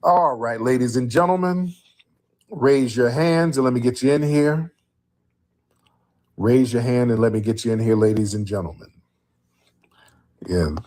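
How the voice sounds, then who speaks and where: A man's voice: fairly low pitch, dark tone, husky. A man hosting a live stream, talking bluntly and casually to his viewers in the chat.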